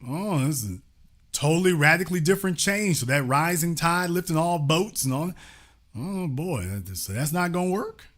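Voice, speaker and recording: A man's voice: fairly high pitch, animated, normal speed, a bit bright. A man commenting on a news clip with sarcastic, groaning asides.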